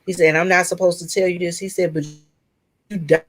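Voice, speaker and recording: A woman in a casual group chat telling a personal story in an earnest, open way, pausing and restarting as she goes. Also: on the low side, level tone, husky, rough recording. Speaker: chat room participant.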